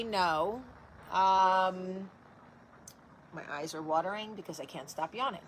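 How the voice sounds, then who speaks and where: A woman's voice: medium pitch, slow, bright, forceful tone, rough recording. A woman in her forties from New Jersey, hosting a casual live-stream chat and talking straight to her viewers with blunt, profane humor. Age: 40s. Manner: talks straight to viewers and answers their comments. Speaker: host of a live video show.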